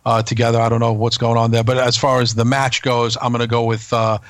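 A man's voice: medium pitch, level tone, quick pace, a bit bright, dry recording, studio quality. A man co-hosting a casual wrestling chat podcast, hesitant, with many restarts and fillers. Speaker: podcast co-host.

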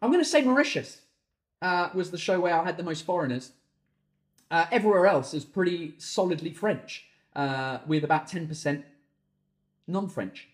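Answering questions from listeners on his solo podcast, a comedian rants, swears, and abruptly bursts into shouts. He's hot and sweating in a small room; his fairly high voice is animated and the space is reverberant.

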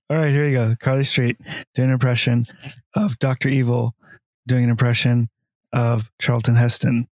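A man's voice: mid-range voice, expressive, moderate pace, no echo. A man hosting a casual film podcast, easygoing and jokey, laughing often. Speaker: podcast host.

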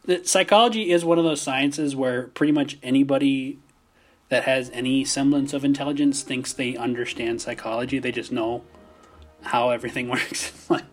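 A young podcast co-host with a Minnesota accent chats casually, telling animated stories and laughing often. His mid-range voice moves at a moderate pace over soft background music.

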